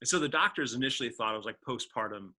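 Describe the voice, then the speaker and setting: A man from Indiana, a podcast guest, telling a personal story in animated conversation, acting out other people's lines as he goes. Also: mid-range voice, very fast. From Indiana, USA.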